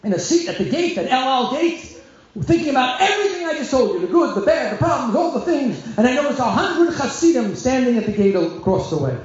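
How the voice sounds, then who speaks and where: A middle-aged man, a rabbi telling animated stories to an audience and acting out voices. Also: extremely high pitch, fairly quick. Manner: animated storyteller, acts out voices and shouts. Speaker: rabbi giving a talk. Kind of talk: storytelling talk to an audience. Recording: dull lo-fi sound in a very echoey hall.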